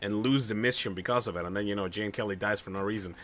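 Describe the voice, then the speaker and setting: A man streaming a game live, commenting excitedly and swearing at bad luck. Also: fairly low pitch, quick pace, faint music behind. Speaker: gamer streaming a playthrough.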